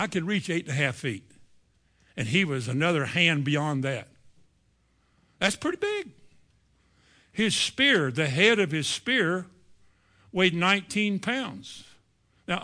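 A male pastor preaching an animated, storytelling sermon in a church, often acting out the voices. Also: fairly high pitch.

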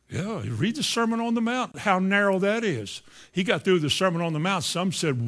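A man preaching a sermon, moving between quiet asides and loud, emphatic lines. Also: sits high, lively intonation, brisk.

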